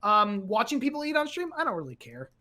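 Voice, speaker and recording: A man's voice: high-pitched, huge pitch swings, fast, crowd noise. A man talking as a podcast guest in casual chat, joking, swearing and spinning out exaggerated riffs. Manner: jokey, profane, rambling exaggeration.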